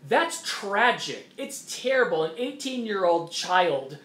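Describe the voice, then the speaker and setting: A man's voice: high-pitched, very animated, takes it slowly, fairly bright tone. A man hosting an opinion monologue, talking emphatically and repeating his points. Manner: emphatic, repetitive, mocking quoted voices. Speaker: host. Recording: echoey room.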